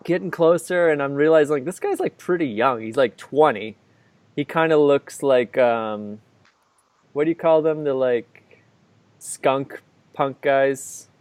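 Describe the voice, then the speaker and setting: A man's voice: medium pitch, measured pace, a little mellow, clear, resonant tone, dry recording. Man, podcast co-host, casual storytelling, rambling, lots of "like", dry close sound. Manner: rambling, filler-heavy, full of "like". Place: living abroad in Ireland, recording indoors.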